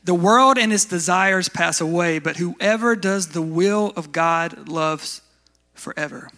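A man preaches a sermon in a casual, conversational way, often asking his listeners questions and then answering them himself. His voice sits high for a man and sounds bright. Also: a little slow. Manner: conversational, asks the congregation questions. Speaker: pastor.

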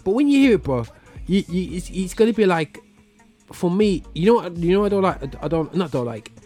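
A man's voice: sits high, very animated, a little fast, mellow. A man hosting a radio show, chatting casually in a rambling, slangy way and digressing often. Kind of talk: casual chat. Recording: music playing underneath.

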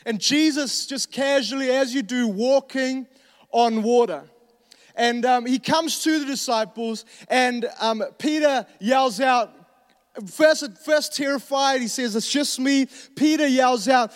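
High-voiced New pastor preaching. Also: male voice, a little slow, in a large hall. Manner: conversational preaching with joking asides and restarts. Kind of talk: sermon.

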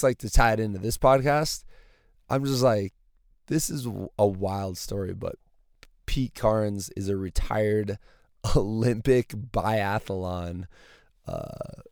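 A male podcast host with a gravelly early-morning voice, chatting casually in a rambling, enthusiastic way from inside a parked car. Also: lowish voice, darkish tone, dry recording, studio quality. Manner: rambling, enthusiastic, many fillers. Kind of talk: casual solo podcast outro.

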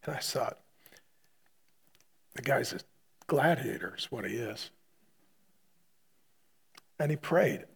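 A male pastor preaching, retelling a hospital story with loud punchy bursts that drop to a quiet hush. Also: mid-range voice, lively intonation, slow pace, vocal fry, long pauses, slightly rough. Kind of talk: sermon storytelling.

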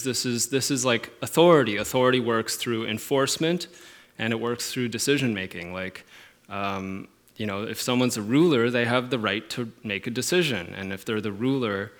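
Pastor guy preaching, lowish voice, earnest, gets quiet then punches words hard. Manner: earnest, swings from quiet musing to emphatic stresses. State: emotional at moments. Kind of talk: sermon.

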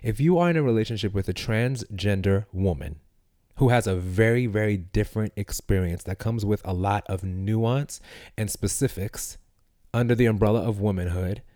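A man's voice: lowish voice, normal speed, mellow, no room sound, studio quality. A man co-hosting a podcast, talking earnestly and laying out long arguments in a casual discussion. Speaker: podcast co-host.

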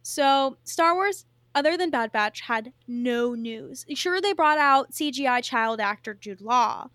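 A young woman with a high, bright voice co-hosts a podcast. She talks bluntly with sarcastic asides and plenty of swearing. The recording is dry and close. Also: lively intonation, a little slow, no room sound. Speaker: podcast co-host. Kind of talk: casual chat.

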